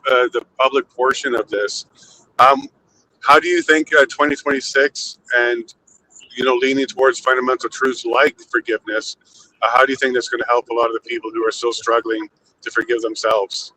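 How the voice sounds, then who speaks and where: Bright-voiced male talk show host. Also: mid-range voice, a little hiss or hum, rough recording. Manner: reflective, steers the talk with questions. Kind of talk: casual talk show chat.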